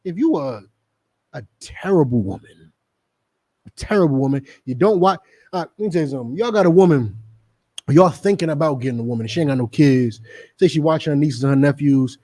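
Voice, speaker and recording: A middle-aged man with a New Jersey accent preaches a street sermon in a high-for-a-man, mellow voice, talking fast. He is emphatic and repetitive, hammering each point home by repeating it, and slips into mocking asides in character along the way.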